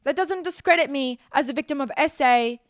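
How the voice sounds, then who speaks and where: A woman's voice: sits high, brisk, no room sound, studio quality. A woman, talking straight to camera in a heated, swear-filled, emotional rant. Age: 20s. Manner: heated, profane, emotional outpouring. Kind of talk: direct-to-camera vlog rant.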